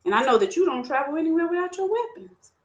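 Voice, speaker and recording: A woman's voice: very high voice, sing-song, fast, pitched above the performer's own voice. A storyteller woman voicing a flashy, wealthy male warrior king god who talks in a laid-back, teasing street style.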